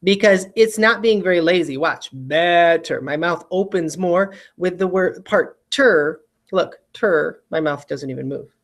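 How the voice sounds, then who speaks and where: A patient teacher leads a recorded spelling lesson for children in a voice of ordinary middle pitch. Each example word is spoken slowly and said twice, with careful, exaggerated enunciation. Frequent check-ins of "okay?" keep the pace gentle and encouraging.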